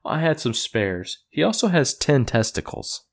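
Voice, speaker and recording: A man voicing a deadpan male cartoon demon worker with a dry delivery. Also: mid-range voice, a little slow, gravelly, pitched above the performer's own voice, heavily acted.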